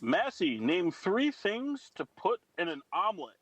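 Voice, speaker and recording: A man's voice: high-pitched, sing-song, a little slow, fairly bright tone, breathy edge, no echo. A man hosting a casual quiz game on a live radio stream, teasing and joking with his co-hosts. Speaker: podcast host running a quiz game.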